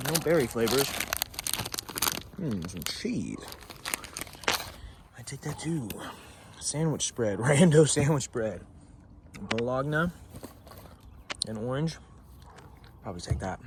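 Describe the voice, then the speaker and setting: A thru-hiker vlogger chats casually at a forest campsite, talking to a handheld camera in a laid-back, slangy way with easy laughs. He has a medium-pitched voice, and the trail vlog has heavy background noise.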